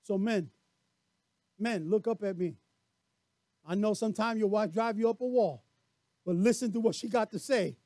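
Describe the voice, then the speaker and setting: A male pastor preaching a lively sermon, telling stories and acting out voices as he goes. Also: high voice, moderate pace, long pauses, no echo. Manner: animated storyteller, acts out voices, laughs often.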